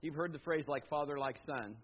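A middle-aged man preaching a sermon as pastor, swinging from loud emphatic bursts to low, quiet stretches. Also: fairly quick, husky. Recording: slightly dull lo-fi sound.

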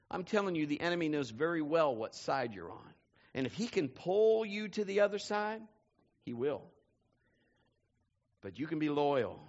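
A male pastor delivers a sermon in a high, bright voice that swoops all over the place. He tells stories animatedly and climbs to shouting. The recording sounds muffled and lo-fi. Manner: animated storytelling, building to shouts.

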